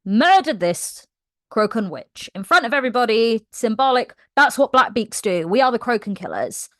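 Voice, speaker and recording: A woman's voice: on the high side, big pitch swings, normal speed, a bit bright, no room sound. A woman doing a cruel old witch matriarch. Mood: commanding.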